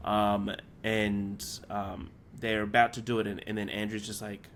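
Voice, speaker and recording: Low-voiced man rambling through a plot. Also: level tone, unhurried, slight background noise. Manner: rambling plot retelling with many fillers; swears casually. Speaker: podcast co-host. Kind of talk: casual film discussion.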